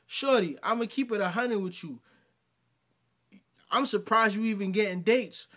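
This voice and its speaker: A man's voice: high voice, moderate pace, pushed and bright. A man giving casual reaction commentary, exasperated and slangy, talking back at the video he is watching.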